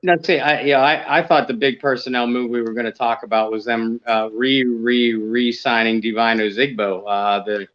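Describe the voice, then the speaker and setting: A man co-hosting a casual sports talk show, speaking in a measured, analytical way with many fillers. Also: medium pitch, steady tone, highs cut off. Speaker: co-host.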